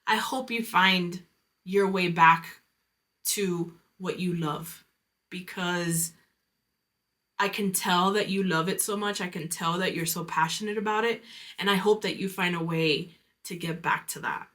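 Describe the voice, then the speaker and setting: A woman quoting a kind older woman who gently encourages her, in a soft, earnest way. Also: lowish voice, fairly even intonation, measured pace.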